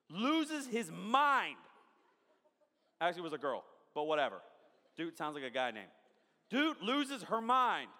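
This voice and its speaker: A man preaching a sermon in a lively, joking way, often checking in with the crowd. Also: very high-pitched, creaky, big-room sound. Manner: animated, jokey, asks the crowd often. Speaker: pastor. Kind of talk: sermon with storytelling. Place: large church hall.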